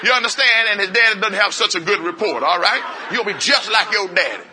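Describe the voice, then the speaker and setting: High bright-voiced man preaching to a crowd. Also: lively intonation, slight background noise. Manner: coaxing call-and-response, drawing answers from the room; repeats phrases in quick bursts. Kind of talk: interactive sermon demonstration. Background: congregation voices and laughter.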